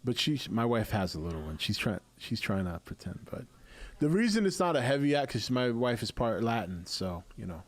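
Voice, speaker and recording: A man's voice: mid-range voice, big pitch swings, brisk. A middle-aged man hosting a casual live stream, chatty and laughing often, with many restarts.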